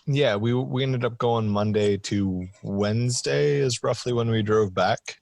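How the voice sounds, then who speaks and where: A man with a medium-pitched voice rambles through a travel story on a casual podcast, swearing freely. The recording is dry and close. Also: measured pace, gravelly, a little mellow, dry recording. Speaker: podcast co-host. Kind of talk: casual chat.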